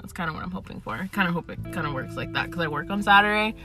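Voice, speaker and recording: A woman's voice: fairly low pitch, lively intonation, racing, over music. A young woman from Atlanta hosting her podcast from her parked car, chatting casually, swearing freely and laughing often. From Atlanta, United States. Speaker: podcast host. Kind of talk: casual chat. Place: parked car in a parking garage.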